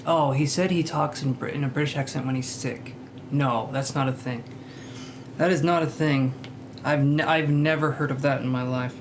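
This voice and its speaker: A man's voice: mid-range voice, fairly even intonation, moderate pace, background noise. A man hosting a live tarot reading stream, chatting casually, greeting viewers by name and joking about himself.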